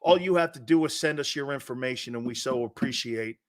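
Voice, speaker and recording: On a sports talk show, a male host rants with sarcasm and mockery, giving his strong opinions. He has a mid-range voice and talks a little fast.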